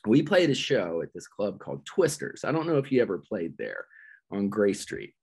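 A middle-aged man telling stories on a podcast in a casual, animated, profane way. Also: normal speed, vocal fry, breathy edge. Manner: animated, profane, jumps into high-pitched quoted voices. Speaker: podcast guest, metal vocalist. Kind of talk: casual storytelling chat.

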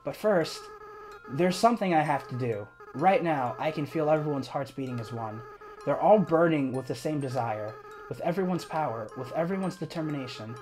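A remorseful young goat-monster boy from a video game speaks softly and slowly, as a man reads his lines aloud. The pitch moves a lot, with faint music behind. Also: expressive, close to an everyday voice. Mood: earnest. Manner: soft, slow reading of on-screen dialogue. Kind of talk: reading game dialogue aloud.

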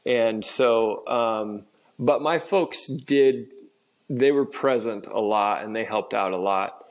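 A man from Washington state, a guest on a podcast, talking in an earnest, reflective way and often pausing to find his words over a remote recording setup. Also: lowish voice. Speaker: podcast guest, father of an autistic son. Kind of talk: conversational interview.

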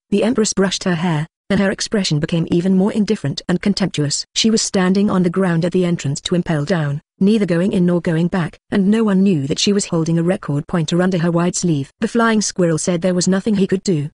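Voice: medium pitch, fairly quick, hardly any pauses, darkish tone, no room sound, studio quality. A text-to-speech voice narrating a novel as an audiobook, reading evenly and speaking punctuation marks and stray numbers aloud.

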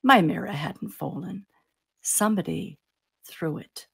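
An author reads her own story aloud in a fairly low woman's voice. She builds suspense, lifting for the tense moments and letting each phrase sink softly at the end. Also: unhurried, gravelly, husky.

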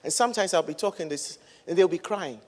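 A woman's voice: fairly low pitch, brisk, darkish tone. A woman reverend preaching a sermon with emphatic, repetitive phrases that build in cadence. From England. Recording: long reverb of a large hall.

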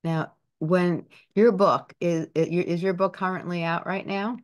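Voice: mid-range voice, steady tone, measured pace. A podcast host asking questions in an agreeable, encouraging way with frequent short affirmations. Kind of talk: casual interview talk.

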